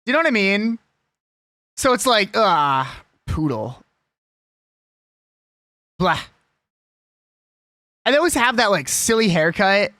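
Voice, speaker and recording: Lively, chatty live streamer. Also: mid-range voice, normal speed, no echo, studio quality. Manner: chatty and opinionated, reading a list aloud with laughs. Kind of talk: casual live-stream chat.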